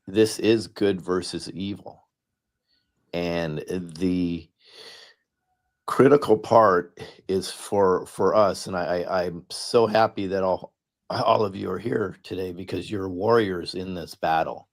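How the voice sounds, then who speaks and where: A middle-aged man, a political candidate appearing as a guest speaker, gives an impassioned panel talk. His voice is deep and slow with fairly even intonation, and he is earnest and emphatic, often repeating words for stress.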